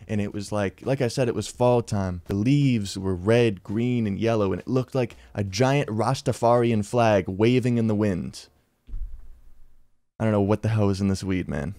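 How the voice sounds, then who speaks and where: A young man in his twenties tells a story to the camera in a loose, rambling way. He swears freely and keeps saying dude. His voice sits low and mellow, recorded dry and close. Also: dry recording. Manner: laid-back, rambling, swears a lot and says "dude". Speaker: YouTuber telling a story. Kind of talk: casual storytime vlog.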